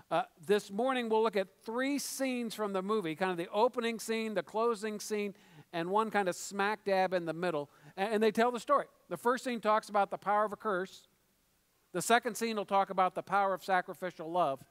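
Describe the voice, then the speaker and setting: A middle-aged male pastor delivers a sermon in a fairly high voice. He talks conversationally, with joking asides and stumbled restarts. The sound carries the long reverb of a church hall. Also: a bit bright, smooth. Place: church sanctuary.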